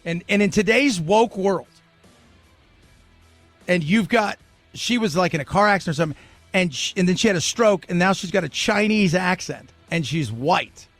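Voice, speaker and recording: A man's voice: high voice, expressive, normal speed, a bit bright, no echo, soft background music. A male talk radio host with a slightly raised voice, riffing in a wry, sarcastic way. He is recorded close on a studio mic in a dry, dead room. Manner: wry and sarcastic, laughs at his own asides. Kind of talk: casual talk radio commentary.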